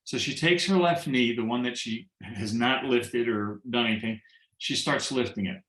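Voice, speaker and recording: Over a video call, a man shares a testimonial as a guest, telling a personal story animatedly, acting out quoted dialogue, and slipping in jokes. He speaks at a moderate pace in a middle-pitched voice, with noticeable echo from the room.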